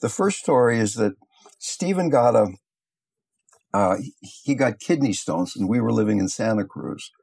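An older man, a meditation teacher, giving a gentle, thoughtful talk and telling stories along the way. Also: on the low side, gravelly, husky. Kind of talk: reflective talk with storytelling.

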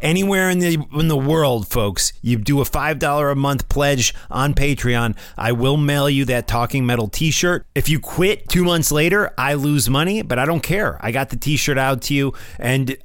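A man's voice: medium pitch, normal speed, few pauses, clear, resonant tone, no room sound, clean studio sound. A middle-aged man from the United States hosting his own podcast, talking in a rambling, casual way with restarts, recorded at home. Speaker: podcast host. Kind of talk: casual solo podcast chat. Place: home room. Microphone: phone.

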